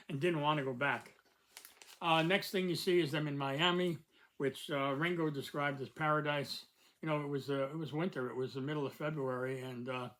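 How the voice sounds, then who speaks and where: An older American man hosting a casual review talk. He rambles along with plenty of ums and restarts, his voice sitting a little high for a man. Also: fairly bright tone, poor audio. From United States. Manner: rambling, many fillers and restarts. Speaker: host.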